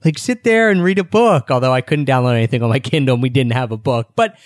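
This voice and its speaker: A man's voice: mid-range voice, quick pace, dry recording, clean studio sound. A young man co-hosting a casual travel chat, talking in a rambling, self-deprecating way. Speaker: travel podcast co-host.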